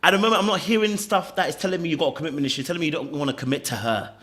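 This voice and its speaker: A man's voice: a little high, racing, fairly bright tone. A man, hosting a podcast and giving emphatic, opinionated commentary full of stammering restarts. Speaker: podcast host reacting to clips.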